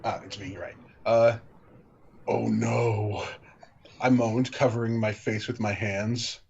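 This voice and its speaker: A man reading a book aloud with friends, joking and swooping into high, goofy voices. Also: fairly even intonation, normal speed, darkish tone. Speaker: reader. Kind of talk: casual group reading with silly voices. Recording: dull lo-fi sound with faint noise.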